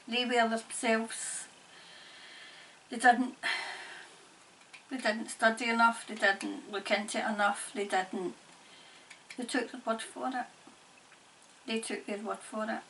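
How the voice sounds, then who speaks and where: A woman relays a spirit-channelling reading in halting phrases that she repeats and murmurs. Her voice sits fairly high. She sounds set back from a distant mic, with faint background noise. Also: steady tone, pushed and bright. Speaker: tarot reader and medium.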